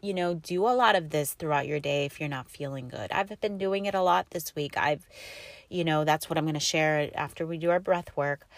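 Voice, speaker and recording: A woman's voice: deep voice, dry recording. A middle-aged woman hosting her own podcast from inside a car, telling rambling, upbeat stories full of fillers. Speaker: podcast host. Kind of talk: casual chatty podcast monologue.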